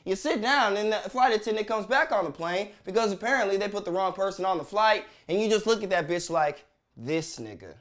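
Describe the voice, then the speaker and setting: A man's voice: high-pitched, fast, few pauses, fairly bright tone. A man delivering blunt, sarcastic commentary as a vlogger, swearing heavily as he rants. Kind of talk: profane ranting commentary.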